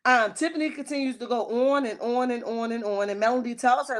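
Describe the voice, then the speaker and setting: A woman hosting a reality TV recap livestream, chatting casually with viewers in a lively, slangy, opinionated way. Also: a little high, a little fast, hardly any pauses. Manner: lively and chatty, greets chat viewers by name.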